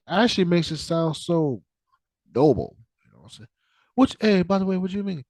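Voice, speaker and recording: A man's voice: on the high side, normal speed, dry recording. A man ranting casually as a podcast host, profane and repetitive, restarting often and trailing off into fillers. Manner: animated, profane, repeats himself, trails off with fillers. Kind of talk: casual rant.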